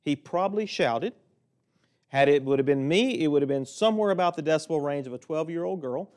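A man preaching a sermon from a lectern in a church, folksy and joking, swinging between loud stretches and quiet ones. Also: a little high, expressive, brisk. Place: church sanctuary, speaking at a lectern.

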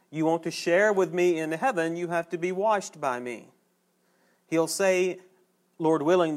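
A man delivers a sermon, his voice sitting a little high. He talks to the congregation conversationally and slows down to stress key phrases. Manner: folksy, conversational preaching with emphatic pauses. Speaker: preacher.

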